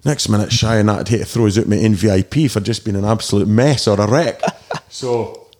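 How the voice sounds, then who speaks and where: A Scottish man in his forties, a DJ telling rambling, animated stories in a casual interview and mimicking shouts. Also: on the low side, a little fast. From Scotland. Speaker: DJ guest.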